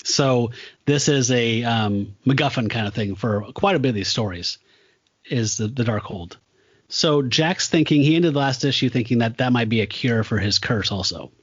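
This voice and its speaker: A man of middle pitch hosts a casual chat, rambling along with ums and little laughs. His voice sits dry and close, slightly dull in tone, like a plain home setup. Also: normal speed, slightly rough, dry recording. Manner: rambling, chuckling, lots of ums. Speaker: podcast co-host. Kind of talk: casual comic book chat.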